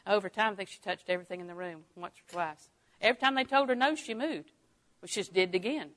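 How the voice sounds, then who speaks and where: An older woman delivers a Bible lesson with a bright, clear tone. She chuckles often and voices her own thoughts in quick quoted asides. Her delivery swings from soft, confiding remarks to loud, emphatic lines. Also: medium pitch. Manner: lively, laughing often, acting out inner thoughts. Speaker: Bible teacher. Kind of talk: sermon.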